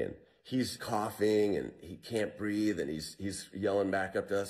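A man being interviewed, recounting a survival story in a relaxed, storytelling way with fillers and restarts. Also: low voice, measured pace. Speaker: interview guest.

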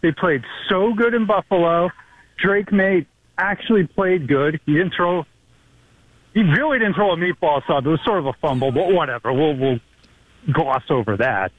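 A man calling in to a sports radio show, an excited, apologetic fan. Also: on the high side, moderate pace, no echo. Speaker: caller. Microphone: phone. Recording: phone line.

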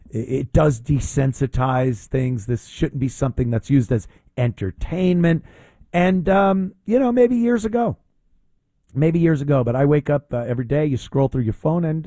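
Male show host, mocking rant, dark mellow tone, dry sound. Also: a little high, dry recording. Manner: mocking, rambling with fillers. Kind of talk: opinionated talk show monologue.

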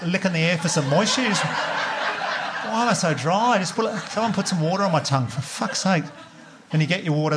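An Australian man performing a stand-up comedy routine on stage, telling a story in a rapid, animated way with swearing. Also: on the high side, background noise. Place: live venue with audience. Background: audience laughter.

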